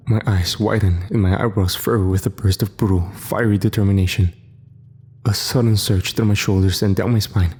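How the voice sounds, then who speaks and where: Male horror-story narrator, deep and mellow, steady and grim, soft music underneath. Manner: grave, measured first-person storytelling. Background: faint music.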